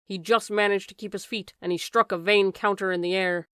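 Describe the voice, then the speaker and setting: A woman narrating a classic science fiction novel as an audiobook, reading dramatically and raising her voice for shouted lines. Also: medium pitch, fairly even intonation, fairly quick, clean tone, no room sound, studio quality. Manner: raises voice sharply for shouted lines.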